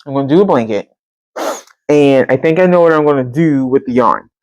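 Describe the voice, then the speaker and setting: A woman, hosting a podcast and telling a story in casual chat, animated and chatty, often jumping into a high voice to quote people. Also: brisk, dry recording, highs cut off. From Central Texas. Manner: colloquial and chatty, addresses listeners as y'all. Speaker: podcast host.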